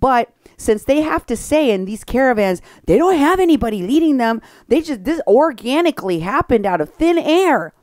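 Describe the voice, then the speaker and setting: A woman hosting an opinionated political commentary show, talking briskly and sarcastically and laughing at her targets. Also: sits high, sing-song, darkish tone, no room sound, studio quality.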